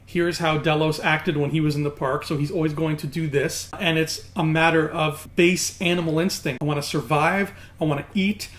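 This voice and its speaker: A young man giving a casual, animated recap and analysis of a TV episode, chatty and full of fillers. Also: fairly high pitch, normal speed, hardly any pauses. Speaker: TV show reviewer.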